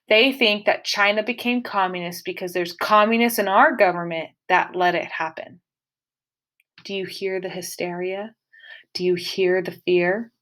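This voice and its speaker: A woman teaching a casual history lesson, talking to her students directly and adding playful, dramatic asides. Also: lowish voice. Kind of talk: casual classroom lecture.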